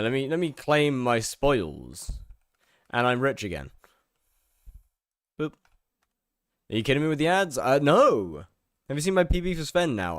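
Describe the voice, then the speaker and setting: A man hosts a game stream from his home setup, talking loosely to his chat and rattling off greetings to viewers one after another. His pitch swings up and down a lot as he talks. The sound is close and dry, with no room echo. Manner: offhand, self-mocking asides. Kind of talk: casual livestream chat with viewers.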